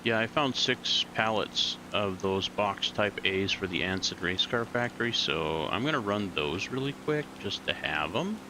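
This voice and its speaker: A man's voice: lowish voice, a little slow, hardly any pauses, background noise. A man chatting casually over voice chat, talking through what he is doing in a driving game. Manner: relaxed, narrates his own moves. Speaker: game player.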